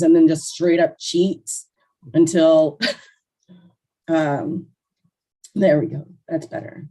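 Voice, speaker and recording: Woman co-host for a casual podcast chat, slow and easygoing, slightly low pitch. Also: darkish tone, rough recording. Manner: chatty, heavy use of "like", eating cookies while talking.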